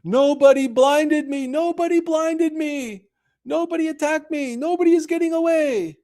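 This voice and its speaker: A man voicing a blinded male Cyclops giant, yelling frantically in rage. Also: very high-pitched, moderate pace, pitched above the performer's own voice. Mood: frantic outrage. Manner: frantic repeated shouting.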